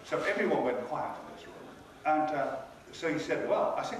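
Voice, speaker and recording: An older man with a fairly high voice tells wry, theatrical stories as a panel guest. He is heard from far off, with heavy echo from a large hall and noise under him. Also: lively intonation, moderate pace, hardly any pauses. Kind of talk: anecdotal storytelling to an audience. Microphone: recorded from far off by an audience camera. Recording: echoey hall from far off, noisy.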